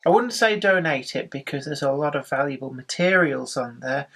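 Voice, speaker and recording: A woman's voice: sits low, normal speed, a bit bright. A woman chatting eagerly in a casual vlog, explaining the game and her hobby plans. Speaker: co-host and opponent. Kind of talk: casual chat.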